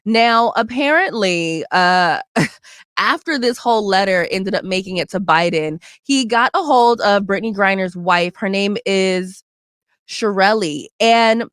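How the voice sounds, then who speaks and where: A woman's voice: mid-range voice, measured pace, a bit bright, clean tone, dry recording. A woman hosting her own show from a studio, giving casual news commentary in a chatty, slangy way, with asides to the listeners. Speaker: podcast host. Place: recording studio.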